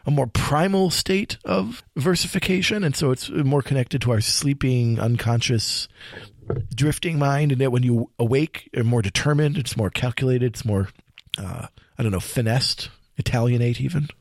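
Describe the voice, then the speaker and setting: A man's voice: mid-range voice, moderate pace, gravelly, no echo. A man hosting a poetry discussion who muses aloud, searching for words and hedging. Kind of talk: casual discussion.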